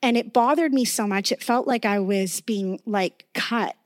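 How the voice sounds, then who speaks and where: A woman's voice: medium pitch, a little slow, no room sound, clean studio sound. A woman giving a sermon with personal testimony, talking earnestly and conversationally and often checking in with her listeners. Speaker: preacher.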